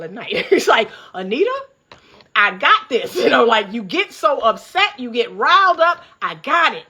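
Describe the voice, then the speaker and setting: High bright fired-up woman. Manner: fired-up, preachy, laughs often, talks straight to viewers. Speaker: relationship coach. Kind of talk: casual commentary vlog. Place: upstairs room by a window at home.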